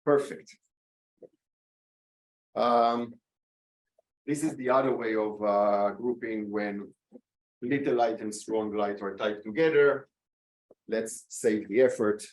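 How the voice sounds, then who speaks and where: A man giving an academic lecture at a conference, pausing with many "um"s, checking in with "okay?", and adding dry asides. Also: fairly low pitch, low-quality recording. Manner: lightly sarcastic asides. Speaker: academic speaker.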